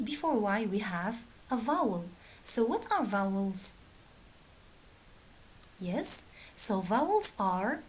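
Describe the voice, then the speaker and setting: A woman teaching a grammar lesson, reading out word pairs slowly and deliberately. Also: medium pitch, slight background noise, poor audio. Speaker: English teacher.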